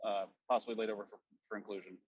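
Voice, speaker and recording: A man's voice: lowish voice, flat delivery, racing, breathy edge, no room sound. A man, a committee member, formally moving bills and amendments, with some hesitant fillers. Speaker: committee member making motions. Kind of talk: formal procedural motions. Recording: dry, slightly dull call audio.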